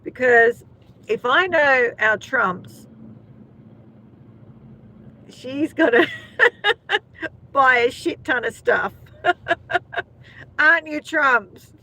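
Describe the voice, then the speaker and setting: Chatty Australian woman, slow and bright. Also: high-pitched, poor audio. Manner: chatty, laughs often, talks to viewers by name. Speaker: livestream host. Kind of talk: casual chat with viewers.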